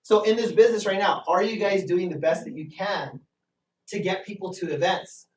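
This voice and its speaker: A man's voice: high voice, normal speed, slight background noise. A man leads a motivational business training session in front of a live group. He talks with energy, keeps asking the room questions, and repeats points for emphasis. The sound echoes around the room, and the mic sits some distance from him. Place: meeting room with a live audience.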